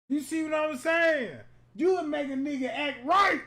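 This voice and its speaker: A man giving profane comedic roast commentary that is loud, crude and mocking, with sudden shouts. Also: very high voice, normal speed, hardly any pauses. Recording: roomy echoey room.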